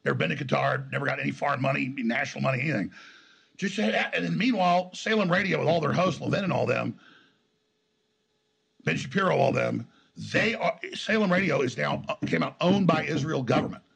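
A man with a Texas accent speaks as an interview guest, talking in an emphatic, rambling way. His voice is heavily gravelly with a husky, slightly raspy texture. It sits a little higher than most men's voices. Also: lively intonation, a little fast, fairly bright tone. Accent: Texan. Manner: emphatic, rambling, acts out quoted exchanges. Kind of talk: conversational interview storytelling.

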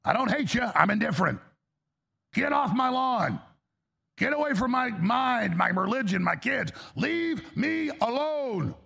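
A man's voice: very high-pitched, very animated, measured pace, pushed and bright. A male talk show host delivering an angry, exasperated political rant, blunt and profane. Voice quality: gravelly.

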